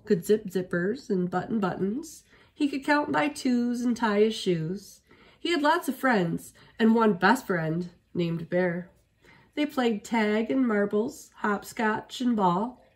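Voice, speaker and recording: A woman reading a children's picture book aloud as a storyteller, steady and expressive. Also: medium pitch, slow, husky.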